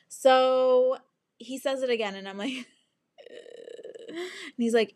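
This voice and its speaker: A young woman hosting a podcast, telling a story in a casual, animated and dramatic way, swearing freely and acting out other people's lines. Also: high voice, slow, long pauses, no room sound, clean studio sound. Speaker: podcast host.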